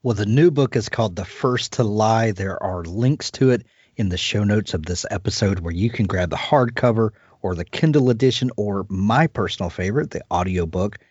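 A male podcast host with a low, husky voice introduces a book and asks questions in an upbeat, promotional way. The recording is dry and dull, with a lo-fi sound. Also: moderate pace, a little mellow, no echo. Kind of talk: interview hosting.

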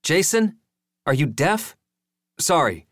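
A man putting on a cheeky young guy in a storybook, pushy and joking, his voice lifted well above the narrator's own. He drags certain words out slowly to needle his friend, in a dry, close recording. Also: fairly high pitch, sing-song, a bit bright, no room sound, pitched above the performer's own voice, exaggerated voice. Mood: teasing.

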